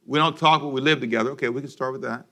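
A man preaching a sermon for a daily radio program, animated, and having his congregation repeat lines after him. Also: medium pitch, rapid-fire. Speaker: pastor.

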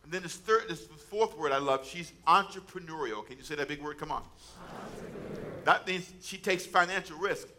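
A man's voice: a little high, a little fast, hardly any pauses, sharp tone, a little hiss or hum. A man preaching a sermon as pastor, talking in a conversational way with asides to the congregation.

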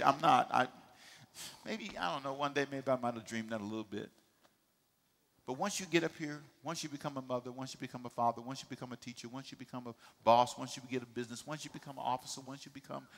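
A middle-aged male pastor preaching a sermon, with emphatic call-and-response delivery that swings from quiet asides to shouting. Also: on the high side, long reverb tail. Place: church sanctuary.

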